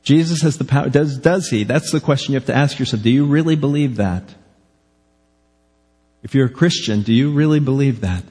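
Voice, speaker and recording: A man preaching a sermon with a slightly husky, breathy tone. He talks earnestly and conversationally, pressing his listeners with questions. His voice carries a long reverb from a large church hall. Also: medium pitch, brisk, darkish tone. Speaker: pastor. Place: church sanctuary.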